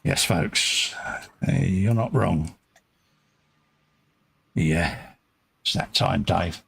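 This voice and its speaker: A man's voice: deep voice, drawn-out words, gravelly, fairly bright tone, slightly rough, no room sound. A man chatting casually and joking with his co-host while talking through each step of building a model kit.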